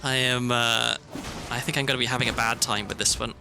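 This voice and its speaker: Over game music and a noisy background, a British man streams and chats casually in a creaky mid-range voice. He talks fairly quickly with fairly even intonation, rambling and breaking off his own sentences.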